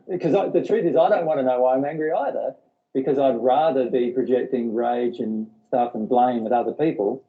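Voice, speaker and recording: A man's voice: mid-range voice, a little fast, narrow, tinny audio. A man leading a spiritual workshop, explaining earnestly and often repeating his words. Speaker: workshop teacher.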